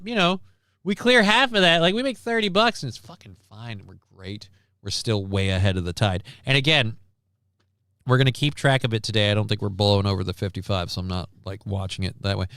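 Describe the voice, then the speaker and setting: A man's voice: medium pitch, fairly bright tone, smooth, dry recording. Wry man hosting a live stream. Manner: wry, rambling, crude asides. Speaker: stream host. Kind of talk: casual live-stream chat.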